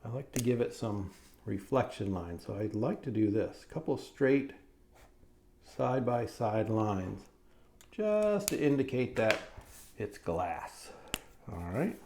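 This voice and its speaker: Man, middle-aged, cartoonist, drawing lesson for kids, unhurried, mellow tone, encouraging. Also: lowish voice, big pitch swings, slight background noise. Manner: friendly, encouraging, asks "right?" often.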